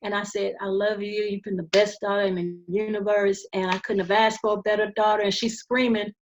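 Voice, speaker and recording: A woman speaks as a podcast guest, recounting her own story in a calm, earnest voice of middle pitch. She often stops, restarts and fills pauses as she goes. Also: highs cut off, slight background noise. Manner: halting, frequent restarts and fillers. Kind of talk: personal storytelling.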